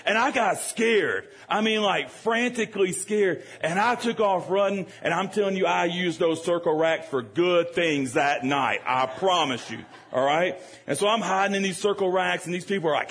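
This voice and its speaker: Guy preaching, kinda husky, chatty and joking with the church. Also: high voice, a little fast. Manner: animated, joking, addresses the congregation directly. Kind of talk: storytelling sermon.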